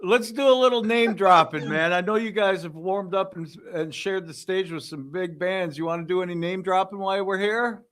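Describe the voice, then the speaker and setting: Bright-voiced male interview host. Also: sits high, normal speed, hardly any pauses. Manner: friendly interviewer with short affirmations. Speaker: podcast host. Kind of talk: casual interview chat.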